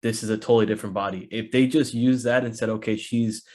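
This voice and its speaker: A man with a somewhat low voice gives earnest, measured thoughts as a podcast guest. He works through each point carefully. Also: steady tone, darkish tone. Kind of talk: casual chat.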